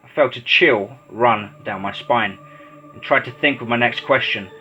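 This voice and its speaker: A man narrating a horror story in a steady, dramatic storytelling voice. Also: mid-range voice, moderate pace. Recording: slightly dull lo-fi audio with faint music.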